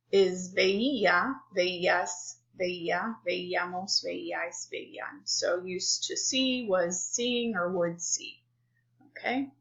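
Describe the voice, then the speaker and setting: Slow, bright-voiced woman teaching Spanish. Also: medium pitch, dull audio. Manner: clear, explanatory, unhurried. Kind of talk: recorded classroom lesson.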